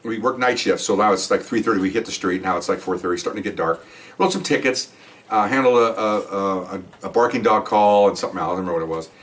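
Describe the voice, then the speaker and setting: A man's voice: fast, distant mic. An older man, a retired police veteran, casually telling stories from the job and acting out the voices in them. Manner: animated, acts out quoted dialogue with higher pitch. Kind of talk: casual storytelling to camera.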